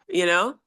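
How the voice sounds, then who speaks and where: A woman's voice: lowish voice, bright, forceful tone. A woman in a casual group chat on a video call, talking freely with fillers and laughter. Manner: chatty, frequent laughs and fillers. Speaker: meeting participant.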